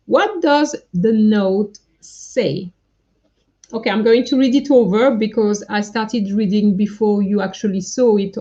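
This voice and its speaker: A woman's voice: mid-range voice, darkish tone, lo-fi sound. A woman teaching French in a live online lesson, patiently going through her students' answers and correcting them one by one.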